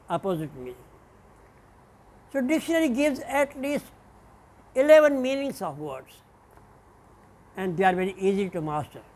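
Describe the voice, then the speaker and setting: A man lecturing as a professor, speaking deliberately and spelling out example words letter by letter. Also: high-pitched, a little mellow. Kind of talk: classroom lecture.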